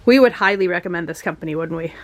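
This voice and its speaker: A woman's voice: lowish voice, rapid-fire, rough recording. Chatty young Minnesotan woman vlogging. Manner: chatty and gushing, many fillers. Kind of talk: casual vlog chat.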